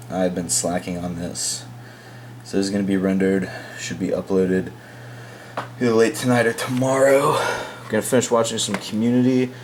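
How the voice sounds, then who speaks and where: Young male vlogger, lowish voice, offhand home-video chatter over steady background noise. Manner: offhand and rambling, self-mocking asides. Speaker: fitness vlogger. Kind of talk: casual vlog narration. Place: home, kitchen and bathroom.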